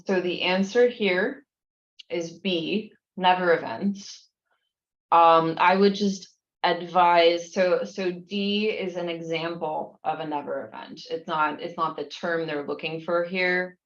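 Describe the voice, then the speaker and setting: A woman with a deep, gravelly voice reads nursing exam questions aloud and walks through each answer patiently. She often restarts her sentences. The recording sounds muffled and roomy, with echo around her. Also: fairly even intonation, slow. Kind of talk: explaining practice exam questions.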